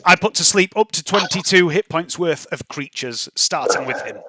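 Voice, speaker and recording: Excitable, sweary high-voiced man. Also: normal speed, noisy background. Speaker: player. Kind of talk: tabletop game play, casual banter.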